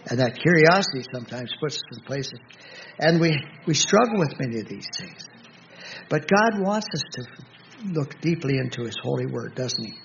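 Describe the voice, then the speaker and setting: A man preaching a Bible study sermon, reading scripture aloud slowly and pausing often to restart his thoughts. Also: mid-range voice, lively intonation, vocal fry. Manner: slow, halting, with many restarts and fillers; reads scripture aloud in a slow, measured voice. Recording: dull lo-fi recording with faint background noise.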